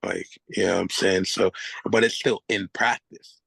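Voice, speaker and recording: A man, a hip hop artist, talking as a guest in a casual conversation, loose and expressive, swearing and laughing often. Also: deep voice, moderate pace, vocal fry, husky, dry recording.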